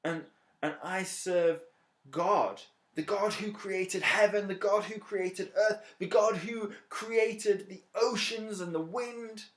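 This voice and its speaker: A man voicing a worried male prophet, speaking softly and earnestly. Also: high voice, slow, pitched above the performer's own voice. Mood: confessing. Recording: roomy echo.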